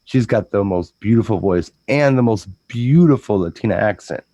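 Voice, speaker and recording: A man chatting casually as a DJ co-host, telling stories in a rambling, animated way with lots of restarts. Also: on the low side, moderate pace, no echo. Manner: rambling, animated storytelling with frequent restarts and mimicked voices. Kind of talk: casual chat.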